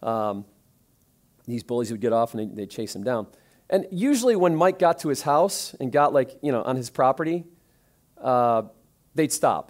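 A man delivering a sermon as a pastor, telling stories in a conversational way and growing more animated as he tells them. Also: mid-range voice, moderate pace.

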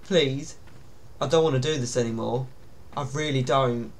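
A man's voice: mid-range voice, moderate pace. A young man, commenting on a horror game in a panicky, pleading way, with yelps and nervous laughs. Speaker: gaming YouTuber.

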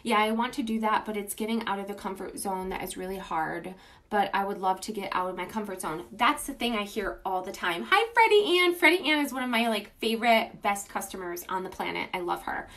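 A woman hosting a casual livestream from her phone, pitching her beauty business to viewers. She talks in a gushing, enthusiastic and informal way and greets viewers by name. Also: fairly even intonation, a little fast, fairly bright tone.

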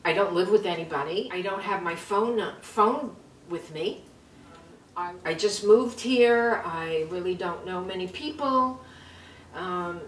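A woman's voice: mid-range voice, fairly bright tone. A chatty woman in her seventies tells a story from home, repeating herself and laughing nervously. Her voice sits a little back from the mic in a roomy space. A faint hiss runs underneath. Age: 70s. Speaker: vlog host. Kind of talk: casual storytelling. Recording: roomy sound from a distance, faint noise.

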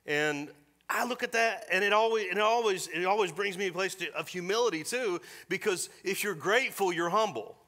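Man, middle-aged, pastor, sermon, folksy storyteller, fairly high voice. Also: fairly quick, sharp tone. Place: church sanctuary.

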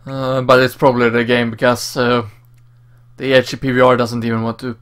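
A man hosting a let's play, giving relaxed, casual commentary with mumbled asides. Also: mid-range voice, brisk, clear, resonant tone.

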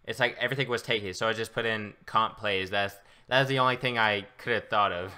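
A man giving excitable, boastful live commentary while playing a video game as a gaming YouTuber. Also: fairly low pitch, brisk, clean tone.

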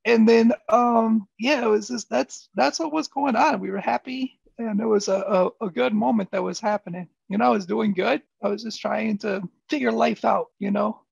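A man from Michigan tells his story in a relaxed, rambling way, his fairly high voice heavily gravelly and husky. The recording is dry and a bit dull and lo-fi. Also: moderate pace, hardly any pauses, dry recording. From Flint, Michigan. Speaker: podcast guest. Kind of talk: casual interview storytelling. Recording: dull lo-fi sound.

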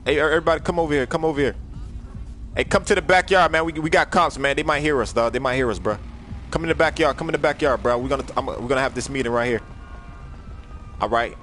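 A young man on a gaming livestream, joking loudly and bossing his crew around, jumping from shouts down to low mumbles. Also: a little fast, long pauses, soft background music. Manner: loud, joking, bossy, swings from shouting to mumbling. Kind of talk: casual gaming livestream chat.

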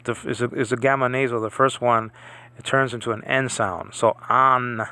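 With no room sound, a man speaks fairly quickly in a steady, bright, forceful mid-range voice. He teaches Bible Greek informally, showing how to read the New Testament and restarting and repeating words for pronunciation practice.

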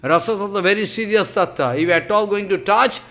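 This devotional sermon comes from a male spiritual teacher whose voice sits high. His delivery halts and circles back on itself, rising emphatically at moments and then dipping into sudden softness.

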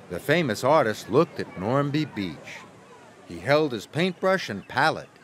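Slow, lively storytelling man. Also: mid-range voice, slight background noise. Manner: gentle, expressive storytelling. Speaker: narrator. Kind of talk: scripted storybook narration. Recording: narration over background music. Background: music.

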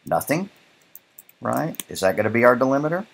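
A man's voice: mid-range voice, very animated, brisk, creaky, slightly rough. A man teaching a programming lecture while coding live, thinking aloud in a casual way and often checking in with "right?". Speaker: programming instructor.

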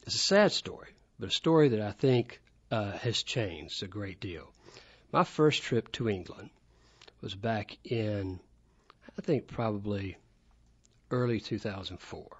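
Husky Southern man in his fifties. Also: lowish voice, lively intonation, a little slow, no room sound. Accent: Southern American. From Alabama. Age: 50s. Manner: enthusiastic, anecdotal. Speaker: studio guest. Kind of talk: casual storytelling. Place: radio studio. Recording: dull, dry studio sound.

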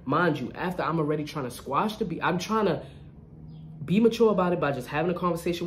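A young adult vlogger telling a casual storytime in an animated, slangy way, often checking in with listeners. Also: medium pitch, quick pace, slight background noise.

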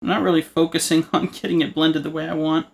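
He talks fast, with vocal fry, a voice on the high side, and little movement in pitch. Hosting an art tutorial, he chats casually through his drawing, full of jokes and meandering asides.

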